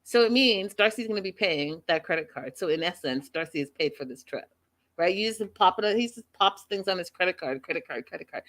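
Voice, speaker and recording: A woman hosting a casual recap of a reality show, chatting in an animated, gossipy storytelling way. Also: medium pitch. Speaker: show host.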